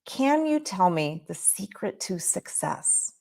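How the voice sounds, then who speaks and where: A man's voice: high-pitched, very animated, slow, creaky, a little mellow, heavily acted. A woman voicing an eager male student who pleads with his teacher and then loses patience. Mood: puzzled.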